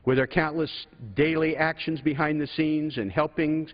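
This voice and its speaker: A man giving a measured, gracious tribute speech as a congressman in a large legislative chamber, at a podium microphone. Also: fairly high pitch, fairly even intonation. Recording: reverberant chamber, dull broadcast audio.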